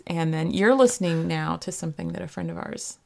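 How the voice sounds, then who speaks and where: Giggly gravelly woman podcaster. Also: lowish voice, brisk, a little mellow. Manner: bubbly, giggly, playful exclamations. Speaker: podcast co-host. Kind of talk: casual podcast chat.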